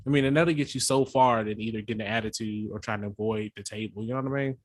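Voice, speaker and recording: A man's voice: lowish voice, steady tone, quick pace, no room sound. A man co-hosting a podcast in a laid-back, conversational way, swearing casually. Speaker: podcast co-host. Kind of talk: casual chat.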